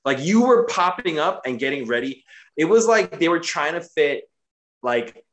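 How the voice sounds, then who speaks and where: A man's voice: on the high side, normal speed, dull audio. A man recapping a show in casual podcast chat, swearing constantly and getting worked up. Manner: profane, excitable, swears constantly. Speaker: podcast co-host recapping wrestling.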